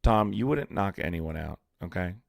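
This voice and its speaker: Young male streamer, low-pitched, dry close mic. Argumentative and angry as he answers chat comments. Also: animated, moderate pace, gravelly, no echo. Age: young adult. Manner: heated and confrontational, calling out commenters by name. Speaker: livestream host. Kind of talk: live-stream chat, reacting to viewer comments.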